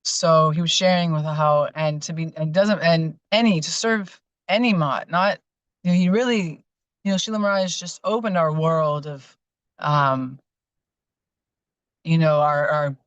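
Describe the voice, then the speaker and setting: A woman's voice: sits low, a little slow, clean tone, dry recording, highs cut off. A woman telling personal devotional memories in a casual, heartfelt way, rambling with fillers and restarts. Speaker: guest sharing memories.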